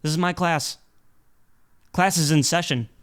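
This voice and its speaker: A man's voice: fairly high pitch, measured pace, fairly bright tone, clean tone. A man hosting a solo podcast in a rambling, playful and profane style, often restarting his sentences. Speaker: podcast host. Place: indoor studio set with black background.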